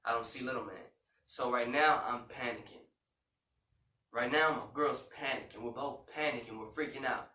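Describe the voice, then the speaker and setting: In a roomy-sounding recording with faint background noise and the mic at a distance, a male podcast co-host on a casual talk show emotionally retells a frightening story. His mid-range voice is bright and forceful at a moderate pace, peppered with "you know" and "man."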